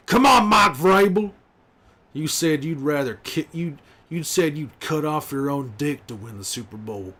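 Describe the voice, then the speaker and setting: Gruff, wry middle-aged survivor, a man in character, teasing chat with slow, easy cursing. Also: medium pitch, a bit bright, a little hiss or hum, natural voice. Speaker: streamer in character. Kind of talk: in-character livestream banter.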